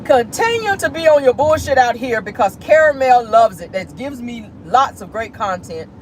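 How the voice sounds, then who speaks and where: A woman giving sassy, animated celebrity gossip commentary while driving in her car. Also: on the high side, moderate pace, a little hiss or hum, low-quality recording. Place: in a car, driving near an airport.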